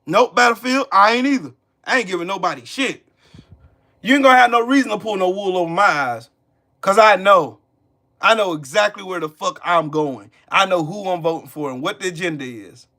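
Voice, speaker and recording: Hosting a live stream, a Southern American man rants about politics in a bright voice that runs high for a man, speaking bluntly and profanely and driving his points home by repeating them. He moves briskly and keeps stopping to respond to the chat.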